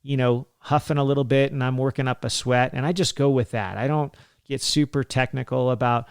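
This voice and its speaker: Chatty man in his forties, smooth voice. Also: medium pitch, fairly even intonation, brisk, dry recording, studio quality. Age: 40s. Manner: chatty, laughs often, many fillers. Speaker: physician podcast host. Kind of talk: casual health talk.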